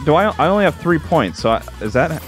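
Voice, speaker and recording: A man co-hosting a casual chat while playing a party game, bantering in a wry, expressive way. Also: a little high, fast talker, faint music behind. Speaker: co-host.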